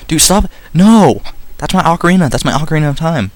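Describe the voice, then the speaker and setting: A man's voice: mid-range voice, lively intonation, quick pace, no room sound, lightly acted. A man voicing an indignant young hero who protests and whines in a raised, panicky voice. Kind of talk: let's play voice acting.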